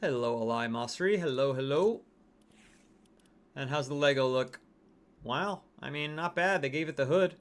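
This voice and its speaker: A man's voice: mid-range voice, moderate pace, long pauses. A man hosting a game livestream, chatting casually and reading out viewer comments. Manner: chatty, reacting to game skins and chat. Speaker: livestream host.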